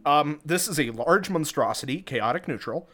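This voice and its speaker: A man's voice: fairly high pitch, animated, moderate pace, pushed and bright. A man co-hosting a casual podcast, talking through a movie and a tabletop monster with lots of fillers and restarts. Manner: rambling, filler-heavy, laughs often. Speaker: podcast co-host. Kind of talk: casual chat.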